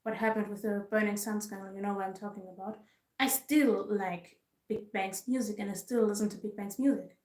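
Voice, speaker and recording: A woman's voice: medium pitch, fairly even intonation, fairly quick, a little mellow. Ranting woman in an echoey room. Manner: frustrated, emphatic, repetitive ranting. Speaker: K-pop vlogger. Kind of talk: casual ranting commentary. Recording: roomy echo.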